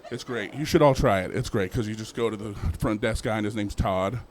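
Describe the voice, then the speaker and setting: A young man performing a stand-up set at an open mic, animated, acting out characters in sudden put-on voices. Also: on the low side, a little fast, a little hiss or hum. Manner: animated, acts out characters with jumps in voice. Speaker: stand-up comedian.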